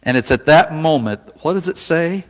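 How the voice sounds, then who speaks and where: A man preaching a sermon, dramatic, rising to loud cries when he acts out a scene. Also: on the high side, expressive, moderate pace, long reverb tail.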